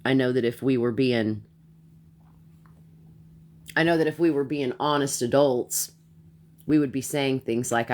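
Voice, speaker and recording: A woman's voice: extremely low pitch, measured pace, pauses often, a little mellow. A woman streaming a heated live rant, blunt and profane, who repeats herself as she gets worked up.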